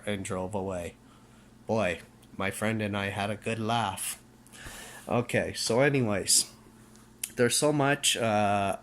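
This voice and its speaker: A man's voice: lowish voice, a bit bright, a little hiss or hum. A Canadian man ranting emphatically to camera in a preachy tone, often checking in with "okay?" and restarting his words. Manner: fiery, preachy. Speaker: vlogger. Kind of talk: casual rant to camera.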